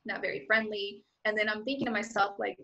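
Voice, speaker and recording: A woman's voice: mid-range voice, fairly even intonation, fast talker, sharp tone, lo-fi sound. A woman telling a personal story as a guest in a casual, chatty way, full of "like" fillers, acting out her own thoughts along the way. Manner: chatty, filler-heavy with frequent "like".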